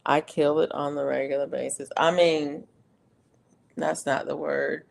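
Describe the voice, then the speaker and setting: A woman's voice: deep voice, little pitch movement, unhurried, creaky. A middle-aged woman hosting a casual livestream, chatting and laughing often as she reads viewer comments aloud. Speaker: livestream host. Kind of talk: casual live-stream chat.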